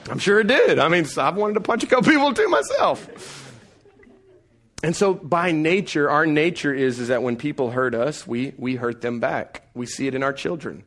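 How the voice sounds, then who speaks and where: A man in his thirties preaching a sermon, telling family stories with animated delivery and acted-out voices. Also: fairly high pitch, normal speed. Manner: animated storytelling, acts out voices. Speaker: pastor.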